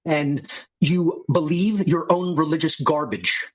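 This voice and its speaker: A husky, somewhat high-pitched man rails at his podcast audience. He lectures with open contempt and throws in insults and swearing, in the manner of a heated monologue. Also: measured pace. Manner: insulting with profanity. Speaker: podcast host.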